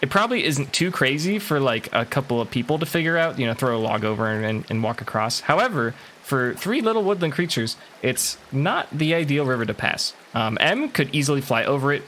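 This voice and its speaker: A man's voice: medium pitch, sing-song, a little fast, hardly any pauses, a bit bright, a little hiss or hum. Giggly casual male game master. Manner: casual, giggly, filler-heavy. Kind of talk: narrating a tabletop game.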